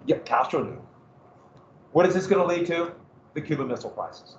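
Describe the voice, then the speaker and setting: A man giving a history lecture in a lively, conversational way with joking asides. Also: on the high side, fairly quick, a little hiss or hum. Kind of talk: classroom lecture. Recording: echoey room, dull lo-fi sound.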